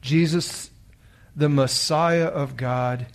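Solemn, slow man telling a sermon story. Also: on the high side, steady tone. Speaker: preacher. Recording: very echoey room, distant mic.

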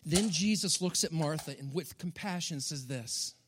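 A man's voice: on the high side, normal speed, background noise. A man, a pastor giving a conversational, humorous sermon that keeps checking in with the crowd.

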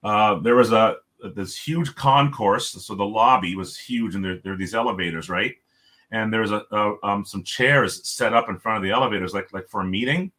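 A man's voice: fairly low pitch, moderate pace, sharp tone. A middle-aged man casually telling a story about his college hockey days, often repeating words and restarting sentences.

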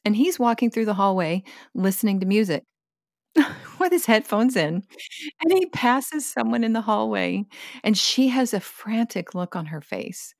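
A woman, retelling a personal experience in conversation in a vivid, expressive way with bursts of laughter. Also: mid-range voice, measured pace, vocal fry, no room sound, studio quality. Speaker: guest sharing her experience.

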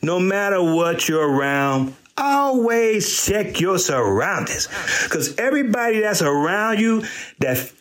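A middle-aged man hosting a comedy show, telling a profane story and acting out quotes in sudden high bursts. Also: big pitch swings, slow, a bit bright. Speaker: comedian host. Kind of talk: storytelling stand-up monologue.

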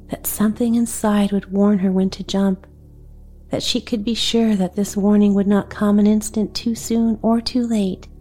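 Woman bedtime storyteller, very slow, mellow, faint music under. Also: medium pitch. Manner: gentle, unhurried and soothing.

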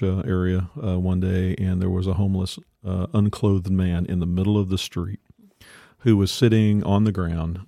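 A man with a low, gravelly voice and a dark, relaxed timbre, recorded close and dry. He hosts a casual conversation and tells stories at length, pausing often with small fillers. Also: no room sound. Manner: storytelling, with many fillers.

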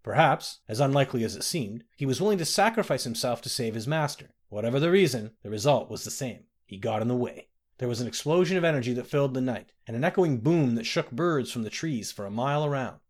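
A man narrating a fantasy audiobook in a steady, dramatic storytelling manner. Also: medium pitch, fast.

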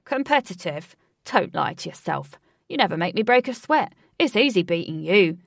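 A woman voicing a brash, boastful male rugby teammate who talks loud and cocky. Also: fairly low pitch, lively intonation, normal speed, creaky, dry recording, clean studio sound.

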